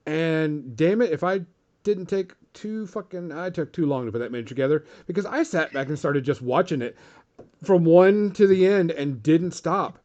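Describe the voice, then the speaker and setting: A man co-hosting a podcast, telling a casual story with lively swearing. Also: on the high side, moderate pace, lo-fi sound. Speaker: podcast co-host. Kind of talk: casual chat.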